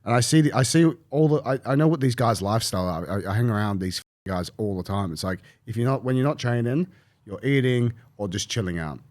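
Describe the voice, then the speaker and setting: A man chatting as a podcast guest, rambling and swearing, with lots of restarts and animated storytelling. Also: medium pitch, quick pace. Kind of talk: casual podcast chat.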